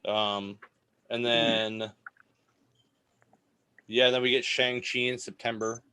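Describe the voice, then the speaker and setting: Man, podcast co-host, easygoing and rambling, mid pitch. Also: takes it slowly, smooth. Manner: rambling, relaxed, restarts a lot. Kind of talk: casual chat.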